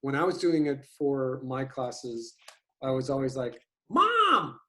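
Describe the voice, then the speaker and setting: A man's voice: mid-range voice, darkish tone. A man in his fifties who teaches animation, chatting casually on a video call and rambling with lots of ums and restarts. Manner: rambling, halting, many fillers.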